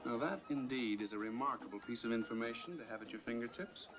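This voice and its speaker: An actor playing a wry young writer in a 1960s film, speaking in dry, understated remarks. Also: male voice, medium pitch, animated, fast, over loud music, close to an everyday voice.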